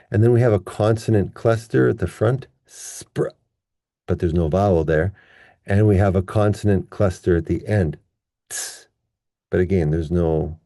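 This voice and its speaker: Man teaching pronunciation, low voice, mellow tone, dry close sound, patient step-by-step explaining. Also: no echo. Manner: slows down and stretches words to demonstrate stress. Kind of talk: online English lesson.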